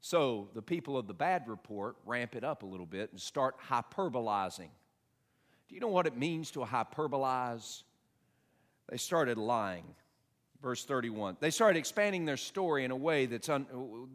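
A man preaching a sermon, moving between quiet asides and loud, emphatic passages, and reading scripture aloud slowly with heavy stress. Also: medium pitch, sing-song. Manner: reads scripture aloud with slow, stressed delivery. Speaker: pastor.

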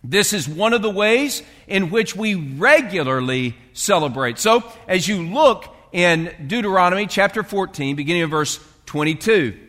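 A man's voice: high-pitched, expressive, normal speed, few pauses, sharp tone, long reverb tail. A male pastor preaching a sermon in a loose, conversational way, with fillers and restarts as he reads and explains scripture.

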